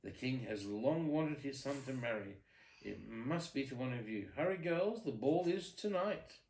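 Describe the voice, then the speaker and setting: A man's voice: mid-range voice, animated, a little slow, a little mellow. Brief: dad reading a scheming storybook stepmother, cool and clipped, echoey room. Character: cold, scheming stepmother woman.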